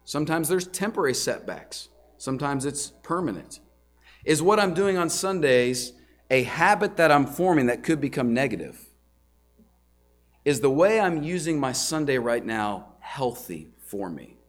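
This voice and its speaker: A man's voice: a little high, sing-song, normal speed, faint music behind. A man preaching a sermon as a pastor, earnest and conversational, asking rhetorical questions and often restarting words. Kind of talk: sermon teaching.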